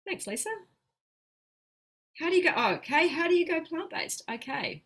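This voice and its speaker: A woman giving chatty, upbeat health coaching on a live stream, laughing often and slowing down when she explains calm breathing. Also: extremely high pitch. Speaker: plant-based health coach.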